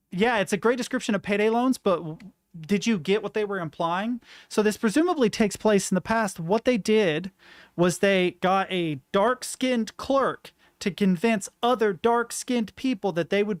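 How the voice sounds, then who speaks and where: Blunt gaming YouTuber, dry voice. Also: male voice, high-pitched, no room sound. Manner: blunt, indignant, swears freely. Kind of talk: let's play commentary, reading game dialogue aloud.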